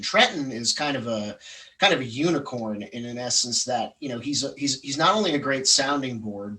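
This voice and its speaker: A man's voice: mid-range voice, pushed and bright, recorded from a distance, low-quality recording. A man from Pittsburgh, a singer-songwriter guest, chatting casually and rambling with many restarts. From Pittsburgh, Pennsylvania. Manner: rambling, lots of restarts and fillers. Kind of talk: casual interview chat.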